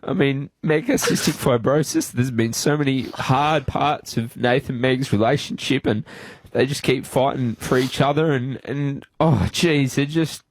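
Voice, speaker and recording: An Australian man hosting a radio show, speaking in a halting, tearful way with many restarts as he pays tribute to his friend in the studio. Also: mid-range voice, no room sound. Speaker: radio host. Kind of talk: emotional on-air tribute. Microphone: studio microphone.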